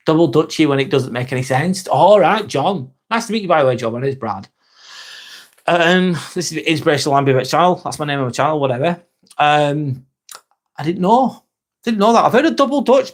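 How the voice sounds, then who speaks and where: English bloke hosting a loose live chat, jokey and crude, voice sits a little high. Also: male voice, animated, brisk. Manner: sweary, joking and self-mocking. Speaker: live stream host. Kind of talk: casual live-stream chat.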